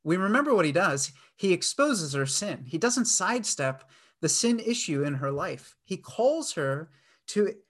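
A man's voice: sits high, big pitch swings, measured pace, fairly bright tone. A middle-aged man preaching a sermon in an earnest way, with frequent fillers and restarts. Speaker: pastor.

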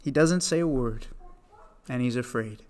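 A man's voice: medium pitch, measured pace, darkish tone. A man teaching a Bible study in a conversational way, often asking rhetorical questions.

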